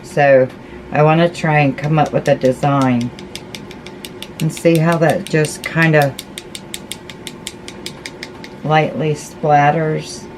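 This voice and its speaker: Working on a craft project, a low-voiced woman vlogger talks in an unhurried, folksy, chatty way, addressing her audience and herself as she paints between tasks. Her tone stays steady, with faint room noise underneath.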